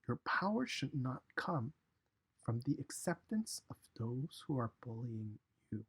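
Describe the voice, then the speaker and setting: A man leading a youth devotional, telling a story in a lively way and speaking straight to his listeners. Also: mid-range voice, measured pace, slightly rough. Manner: animated storytelling, direct address to listeners. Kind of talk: casual recorded devotional talk.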